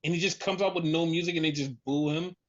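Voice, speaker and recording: A man's voice: on the high side, fairly even intonation, quick pace. A man in casual chat, rambling with lots of "like", swearing, and acting out what others would say. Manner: rambling, profane, heavy on "like", acts out quotes. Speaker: podcast co-host. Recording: dull lo-fi recording.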